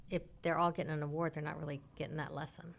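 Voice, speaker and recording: A woman's voice: low-pitched, little pitch movement, quick pace, vocal fry, a little hiss or hum. A woman guest on a talk show stating her opinions firmly and matter-of-factly. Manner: firm, matter-of-fact opinions. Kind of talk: casual chat.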